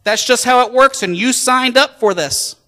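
A preacher doing a stern lender calling in a debt. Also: male voice, extremely high pitch, moderate pace, bright, forceful tone, in a large hall, pitched above the performer's own voice. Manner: strict and insistent. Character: stern male lender demanding repayment.

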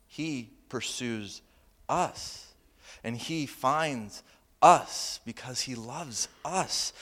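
A male pastor preaching a sermon, humorous and animated, moving between loud punchlines and quiet, earnest asides. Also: a little high. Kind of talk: sermon with personal storytelling.

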